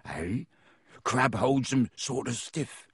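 A man's voice: mid-range voice, lively intonation, takes it slowly, slightly rough, no room sound, full character voice. A man reading aloud, voicing an eager, casual teenage schoolboy close to his own voice, in a dry recording.

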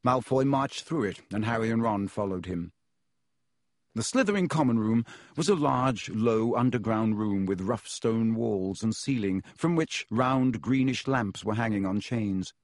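A man narrating a children's fantasy novel as an audiobook, in a measured, even storytelling manner. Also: lowish voice, dry recording, clean studio sound.

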